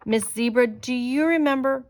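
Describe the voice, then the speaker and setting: A woman's voice: high voice, normal speed, pitched above the performer's own voice, natural voice. A woman voicing a shy, mumbling female zebra in a storybook.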